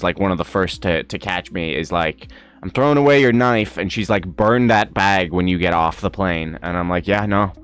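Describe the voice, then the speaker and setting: A young man from Ireland tells a story on a livestream in a casual, animated way, swearing, laughing and acting out the people in it. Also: deep voice, clear, resonant tone. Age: young adult. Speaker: streamer.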